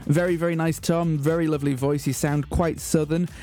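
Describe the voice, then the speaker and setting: A man's voice: a little high, fairly even intonation, a little fast, mellow. A man hosting a community radio show, announcing with mock-grand, earnest comic delivery in a studio. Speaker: radio host. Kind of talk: deadpan comic radio presenting.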